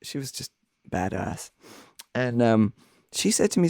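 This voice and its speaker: Male minister-songwriter, soothing scratchy voice with a gravelly edge, thoughtful interview talk. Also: mid-range voice, sing-song, moderate pace, long pauses, a little mellow, dry recording, studio quality. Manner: thoughtful, earnest, searching for words. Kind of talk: reflective conversation.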